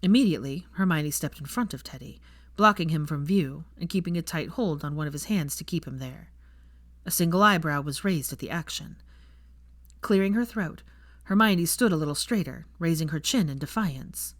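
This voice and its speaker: A woman narrating a fan fiction audiobook in an expressive storytelling manner. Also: low voice, normal speed, no room sound, clean studio sound.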